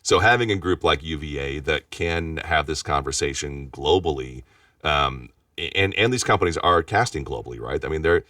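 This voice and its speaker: A man with a very deep voice talks quickly, tumbling through restarts and repeated words. He sits back from the microphone, so he sounds distant, though the sound stays dry and free of room echo. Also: fairly bright tone. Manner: rapid talker with frequent restarts and repeated words. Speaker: interview guest, voice actor and studio owner. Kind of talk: casual conversational interview.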